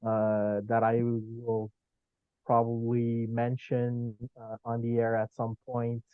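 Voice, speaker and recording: A man from Quebec who speaks natively, talking as a podcast guest in a hesitant way with many pauses and uhs. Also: medium pitch, monotone, clean tone, no room sound, phone-quality sound. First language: French. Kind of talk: casual podcast chat.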